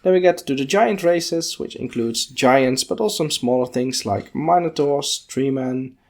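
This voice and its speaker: A man hosting a podcast, casually walking through a book page by page and thinking aloud. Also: medium pitch. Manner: unhurried, musing, thinking aloud with fillers. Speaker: podcast host.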